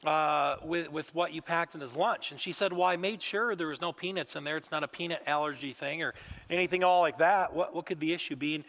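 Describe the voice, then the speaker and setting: A man's voice: on the high side, steady tone, fairly quick, fairly bright tone. A man preaching a sermon in a church, telling stories in a folksy way and often saying "man". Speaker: pastor. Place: church sanctuary.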